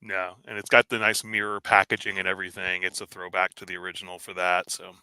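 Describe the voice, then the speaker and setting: A man co-hosting a casual online chat with short, matter-of-fact remarks. His voice is low-set, very bright and clear, with a dry, close sound. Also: monotone, quick pace, dry recording, poor audio. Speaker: podcast co-host.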